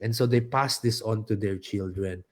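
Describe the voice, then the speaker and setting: A man who teaches martial arts, joking and animated in a casual podcast chat, often adding a tag question. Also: lowish voice, moderate pace. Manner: animated and joking, frequent "okay?" tags. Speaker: guest martial arts instructor.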